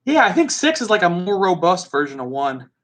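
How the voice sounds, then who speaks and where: A man's voice: high voice, big pitch swings, brisk. A man with a Midwestern American accent hosting a casual live tasting, chatty and musing aloud as he goes. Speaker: host.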